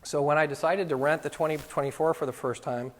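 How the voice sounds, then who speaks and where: The long reverb of a lecture hall surrounds a fast-talking middle-aged man whose slightly high voice keeps a fairly even intonation. He's giving photography students an informal talk, spinning anecdotes and voicing what others said.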